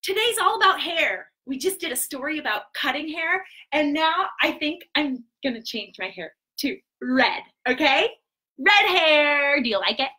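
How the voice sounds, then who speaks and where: Lively woman children's entertainer. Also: high voice. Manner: animated and sing-song, with gasps and quick asides. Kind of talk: live stream for preschoolers. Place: home.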